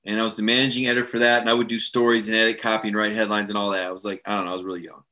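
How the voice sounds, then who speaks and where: A man's voice: lowish voice, little pitch movement, very fast, pushed and bright. A middle-aged man hosting a live sports show, chatting casually and upbeat as he reads viewer comments and acts out quoted voices.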